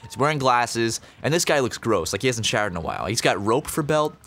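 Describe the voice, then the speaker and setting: A man's voice: medium pitch, lively intonation, fairly quick, a bit bright, soft background music. A young man chatting on a podcast, telling a rambling story with lots of fillers and swearing. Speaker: podcast co-host. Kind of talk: casual storytelling chat.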